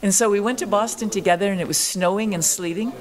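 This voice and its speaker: A woman's voice: medium pitch, fast talker. An older woman in an interview, telling her story with animation and acting out the voices of the people she quotes. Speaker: interviewee, marathon pioneer.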